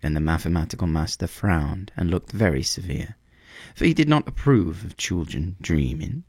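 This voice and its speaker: Brief: male storybook narrator, deep and lively, close dry sound. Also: slightly rough, no room sound. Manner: measured, expressive reading.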